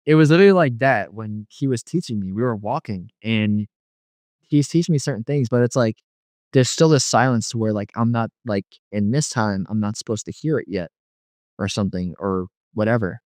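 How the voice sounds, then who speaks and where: A man's voice: medium pitch, darkish tone, no echo, studio quality. Man rambling through a personal story. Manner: rambling, many "like" fillers, quotes others. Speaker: guest telling his near-death story. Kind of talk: casual testimony.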